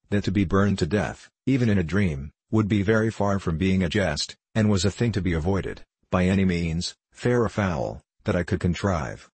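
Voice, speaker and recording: Low, husky male audiobook narrator. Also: no echo. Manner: wry, storytelling, first-person.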